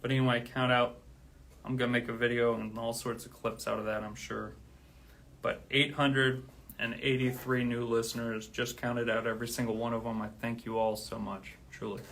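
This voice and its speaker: Flat-voiced man counting on a livestream. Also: medium pitch, moderate pace, gravelly, a little hiss or hum. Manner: steady counting, then grateful rambling. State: out of breath. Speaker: drummer streaming live. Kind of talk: casual livestream talk.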